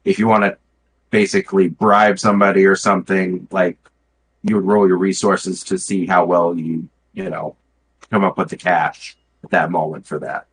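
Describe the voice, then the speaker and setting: A man narrating a tabletop game as game master, relaxed and chatty with many fillers. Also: sits low, normal speed, a little hiss or hum, low-quality recording.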